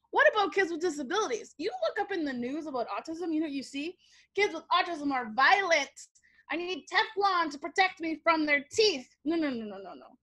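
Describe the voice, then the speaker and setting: A Canadian woman teacher telling a lively story in a workshop webinar, acting out quoted voices and checking in with "okay?". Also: sits high. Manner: animated, acts out quoted voices, frequent "like" and "okay?". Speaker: teacher giving a workshop talk. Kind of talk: storytelling presentation. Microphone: webinar microphone.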